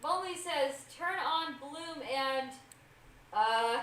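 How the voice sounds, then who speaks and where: A woman's voice: high voice, animated, drawn-out words, a bit bright. A woman from Utah co-hosting a live stream, chatty and teasing as she reads viewer comments aloud. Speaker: co-host reading chat. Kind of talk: casual live-stream chat. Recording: roomy, distant from mic.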